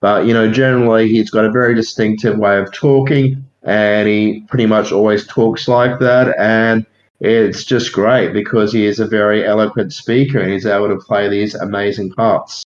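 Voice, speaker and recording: Man, podcast co-host, low voice, deliberate, muffled echoey recording. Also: fairly even intonation. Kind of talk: casual film discussion. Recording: dull, echoey lo-fi sound.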